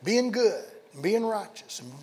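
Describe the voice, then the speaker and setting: A male pastor preaching a sermon, telling a story with animated delivery, asking rhetorical questions and dropping to quiet emphasis. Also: high voice, slow, breathy edge. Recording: long hall reverb.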